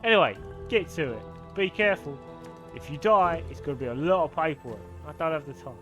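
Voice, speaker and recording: A man voicing a gruff male crow boss with a put-on Cockney accent, reading game dialogue aloud, blunt and chummy. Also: fairly high pitch, expressive, fairly quick, fairly bright tone, faint music behind. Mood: grumbling, bossy.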